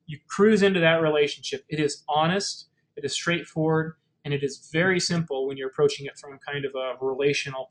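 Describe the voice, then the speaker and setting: A man's voice: on the high side, a bit bright, poor audio. A man presenting a webinar in a casual, explanatory way, with plenty of fillers and restarted phrases. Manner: conversational, many fillers and restarts.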